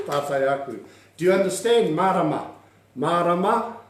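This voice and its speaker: A man's voice: a little high, huge pitch swings, normal speed. A man teaching an online language class, upbeat and coaxing, drilling words aloud and laughing often. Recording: echoey room.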